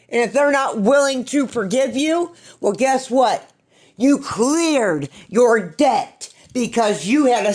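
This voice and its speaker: A woman's voice: a little high, a little mellow. Woman podcast host preaching self-help and faith, blunt, swears a bit, talks about her own recovery. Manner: earnest, preachy, candid with occasional swearing. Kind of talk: spiritual self-help talk.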